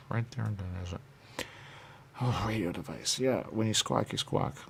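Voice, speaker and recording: A low, gravelly man wanders through a rambling back-and-forth with himself. He repeats words over and over and sometimes drops into a whisper. A faint hiss sits under the recording. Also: normal speed. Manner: circular, repetitive musing with sudden whispers. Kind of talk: rambling self-dialogue, asking and answering himself.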